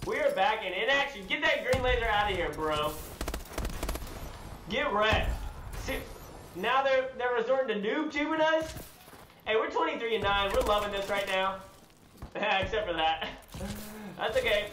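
Young male gamer, excitable play-by-play with outbursts, high-pitched, in a noisy echoey room. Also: measured pace, pauses often. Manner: excitable, loud outbursts, laughing. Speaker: gaming streamer. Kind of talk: live gameplay commentary. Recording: echoey room, loud background noise.

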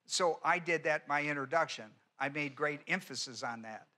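A male pastor with a fairly high, bright, forceful voice speaks at a normal speed as he teaches an expository sermon. He drives his points home emphatically, repeating key words and asking the congregation whether they follow.

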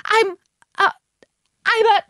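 A woman's voice: high voice, very animated, normal speed, no echo, studio quality, voice pushed up. A woman voicing a bewildered, polite young girl in a storybook reading, earnest and anxious. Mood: flustered. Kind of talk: storybook read-aloud.

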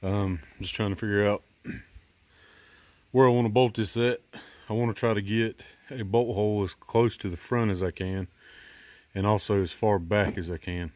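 A man's voice: fairly low pitch, steady tone, moderate pace, long pauses, darkish tone, no room sound. A middle-aged man hosting a DIY video, casually thinking aloud about his work with lots of ums and uhs, recorded outdoors by a boat. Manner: rambling, thinking aloud with many fillers. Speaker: DIY channel host. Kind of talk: casual how-to explaining.

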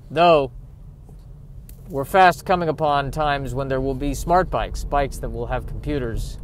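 This man's voice sits at medium pitch over slight background noise. As a podcast host, he chats to himself behind the wheel in a loose monologue, wandering off topic and poking fun at himself.

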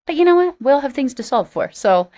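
A singer-songwriter tells her story in a casual interview, candid and a bit sarcastic, her voice sing-song, quick, and a little mellow. When she acts out quoted lines, her pitch jumps dramatically.

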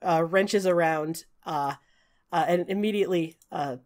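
A woman's voice: lowish voice, measured pace, a little mellow. Chatty woman game master. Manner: chatty, frequent "uh" fillers, restarts mid-sentence. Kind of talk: narrating a tabletop game.

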